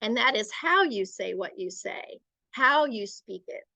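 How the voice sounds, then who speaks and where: A middle-aged woman giving a gentle, explanatory talk to parents, sometimes acting out the phrases she uses as examples. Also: on the high side, animated, a little slow, gravelly, dry recording, poor audio. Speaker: parenting educator.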